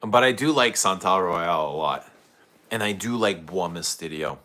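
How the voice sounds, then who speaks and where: Low, bright-voiced man hosting a livestream. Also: expressive, normal speed. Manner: chatty, greets viewers and reads their comments aloud. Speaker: perfume livestream host. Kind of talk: casual livestream chat with viewers.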